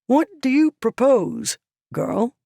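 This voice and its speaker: A woman's voice: fairly high pitch, huge pitch swings, slow pace, gravelly, dark tone, no room sound, clean studio sound, voice pushed up, heavily acted. A woman voicing a grumbling, proud male noble scholar in an audiobook, clipping 'the' to 't''. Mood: grudging. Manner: clips 'the' to 't'', a rustic way of speaking. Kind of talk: audiobook character voice.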